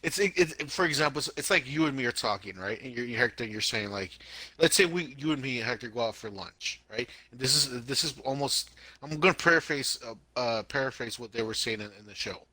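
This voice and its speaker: A man co-hosting a casual podcast chat, talking in an animated, emphatic way and repeating himself for effect. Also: mid-range voice, brisk. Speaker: podcast co-host.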